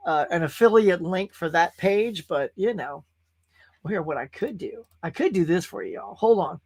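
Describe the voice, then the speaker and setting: A man's voice: high voice, no room sound, studio quality. A man from California, host of a casual live-stream show, talking in a rambling, chatty way and reading viewers' comments aloud. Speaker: podcast host.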